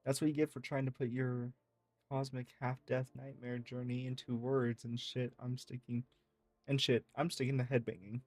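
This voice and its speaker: A man reading game text messages aloud in a casual, lively way, swearing freely. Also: mid-range voice, normal speed, no room sound. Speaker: gaming streamer.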